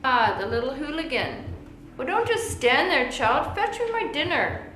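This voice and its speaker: An actress playing a cold, bossy old woman with a Canadian accent and a flat, stiff, commanding delivery, heard as a film clip. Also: sits high, moderate pace, a little hiss or hum. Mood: scolding. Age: older. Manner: curt, commanding. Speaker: stern old lady in a film. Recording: roomy film soundtrack clip.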